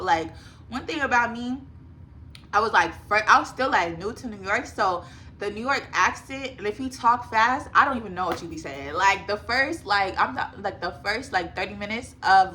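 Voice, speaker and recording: A woman's voice: mid-range voice, sharp tone, a little hiss or hum. A young woman in her twenties casually telling a storytime to her viewers, chatty and full of fillers, often addressing them as y'all. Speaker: vlogger.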